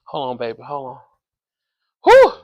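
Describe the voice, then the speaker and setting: A man casually reviewing a reality show episode, sassy and animated, calling his listeners baby and y'all, with features. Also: high-pitched, normal speed. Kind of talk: casual chat.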